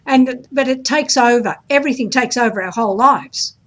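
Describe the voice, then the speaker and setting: A woman's voice: a little high, moderate pace, a bit bright. A woman hosting an interview, reflecting on the guest's story and affirming it. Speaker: host. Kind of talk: interview conversation.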